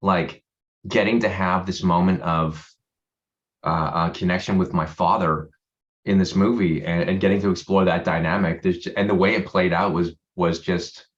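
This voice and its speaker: Being interviewed over a video call, an actor chats casually in a low, steady voice at normal speed. He rambles, restarts his sentences and laughs readily, and the call audio is dull and lo-fi.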